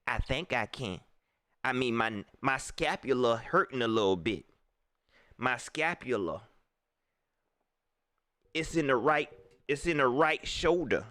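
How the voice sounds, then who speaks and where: A man voicing a hesitant, sheepish young male quarterback who is playing hurt, in a low mumble. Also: animated, slow, long pauses, bright, forceful tone, no room sound, clean studio sound.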